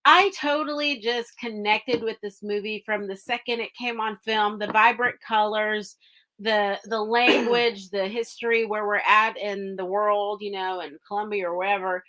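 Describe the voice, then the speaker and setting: A woman's voice: mid-range voice, steady tone, moderate pace, bright, forceful tone. A woman co-hosting a podcast, chatting casually and emotionally about movies she loved. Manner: gushing, emotional, enthusiastic. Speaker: podcast co-host. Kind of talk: casual movie review chat.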